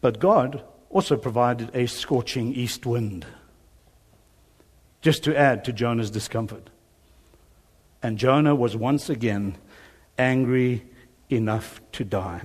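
A man preaching a sermon, telling a Bible story with animated storytelling and voiced dialogue, chuckling now and then. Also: medium pitch, measured pace, long pauses, husky. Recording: long hall reverb.

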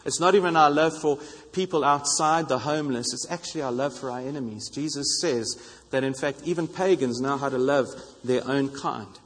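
A man's voice: mid-range voice, moderate pace, few pauses, fairly bright tone, husky. A man preaching a sermon in an earnest way, repeating phrases for emphasis. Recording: long reverb of a hall.

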